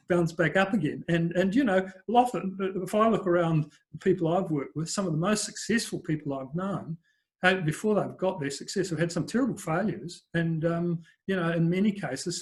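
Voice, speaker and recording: In a conversational interview, an older business coach from New Zealand spins chatty, rambling anecdotes loaded with fillers. His voice sits somewhat higher than most men's.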